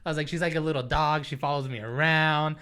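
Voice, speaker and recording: A man's voice: a little high, steady tone, quick pace, sharp tone, a little hiss or hum. A young man co-hosting a podcast, telling stories in casual chat, laughing often and acting out what people said. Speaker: podcast co-host.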